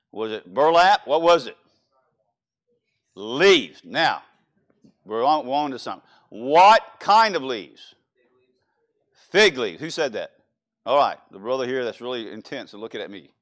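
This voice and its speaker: A man with a Louisiana accent preaching a sermon in a church, animated and quizzing the congregation with questions. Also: medium pitch, unhurried, long pauses.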